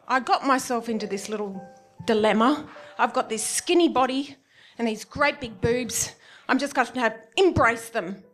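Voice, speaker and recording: Lively Australian woman telling a comic story. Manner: animated, self-mocking, with big swoops into high exclamations. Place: on stage at a live event.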